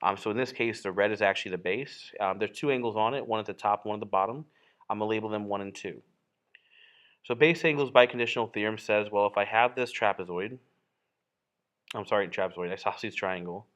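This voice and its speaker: A man's voice: fairly low pitch, a little fast, fairly bright tone. A man teaching a geometry lesson while drawing, in a casual, explanatory way with frequent fillers and self-corrections. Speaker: math teacher.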